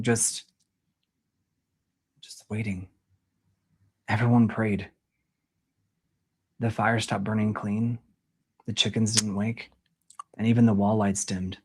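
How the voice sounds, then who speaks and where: A man reading the part of a young woman from an underground world in an audition scene, speaking in a hushed, grave storytelling manner. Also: fairly low pitch, husky.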